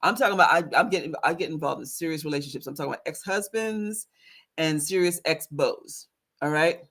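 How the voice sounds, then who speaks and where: A woman's voice: sits low, brisk, fairly bright tone. A woman spiritual teacher telling a story casually to her online audience, laughing often and stressing points with "okay?" asides.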